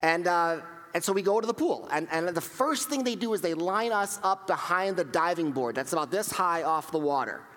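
A male pastor preaching in a sermon, his voice sitting a little high for a man. He tells stories with lively acted-out quotes and often stumbles into repeats and restarts. A long reverb trails after his words, as in a church hall. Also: normal speed. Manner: animated storytelling with acted-out quotes; frequent repetitions and restarts.

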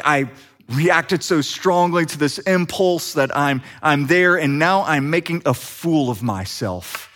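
A middle-aged man preaching, telling a personal story with lively acted-out dialogue. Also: a little high. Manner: animated storyteller acting out quoted dialogue. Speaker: pastor. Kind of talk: sermon storytelling.

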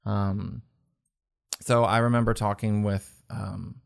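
A man telling his personal faith story in an earnest, halting way, with many restarts. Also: lowish voice, level tone, gravelly. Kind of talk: personal testimony in conversation. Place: indoors at a table.

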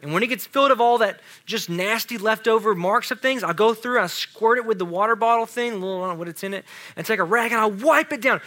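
A man preaching a casual, animated sermon to a youth group. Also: high-pitched. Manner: casual, animated, talks to students with "y'all". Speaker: youth pastor.

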